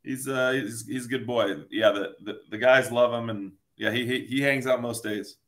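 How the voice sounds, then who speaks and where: A man's voice: medium pitch, steady tone, normal speed, fairly bright tone. A man, a college baseball head coach, chatting as a podcast guest in an easygoing, teasing way. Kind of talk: casual podcast chat.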